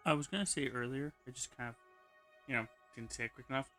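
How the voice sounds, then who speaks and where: A man who hosts the channel chats casually while watching, making quick offhand and joking remarks from a bit away from the microphone. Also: medium pitch, sharp tone, faint music behind. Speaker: channel host watching the game. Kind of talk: casual chat.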